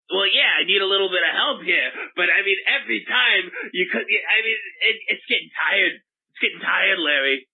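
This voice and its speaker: A man voicing a gruff, foul-mouthed baseball mascot who calls in to a comedic advice show, combative and rambling. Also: high voice, moderate pace, narrow, tinny audio, full character voice. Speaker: caller.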